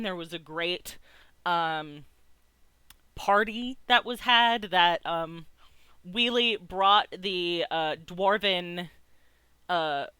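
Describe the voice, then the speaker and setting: Bright, crisp game master. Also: mid-range voice, no echo. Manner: casual, filler-heavy talk. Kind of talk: casual chat and session recap.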